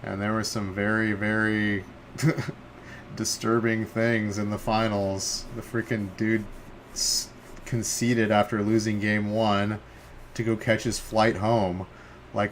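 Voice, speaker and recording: A young man streaming casual game commentary from home, talking loosely with lots of fillers, easily excited and swearing. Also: fairly low pitch, slight background noise. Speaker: stream host.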